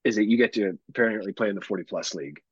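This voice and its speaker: Husky man telling a rambling story. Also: lowish voice, racing, no echo, dull audio. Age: 30s. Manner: rambling profane storytelling, many fillers. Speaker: podcast co-host. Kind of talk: casual chat.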